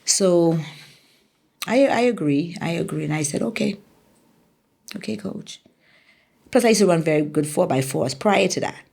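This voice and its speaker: A woman's voice: fairly low pitch, lively intonation, moderate pace, gravelly, darkish tone. A middle-aged woman from the Bahamas with a Bahamian accent, a former track athlete telling her story in an interview, acting out quotes animatedly.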